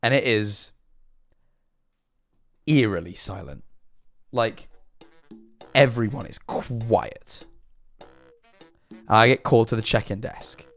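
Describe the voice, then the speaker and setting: A man telling a self-mocking story to his stream, animated and swearing freely. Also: on the low side, slow pace, gravelly, pauses often, soft background music. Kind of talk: casual storytelling to a live stream chat.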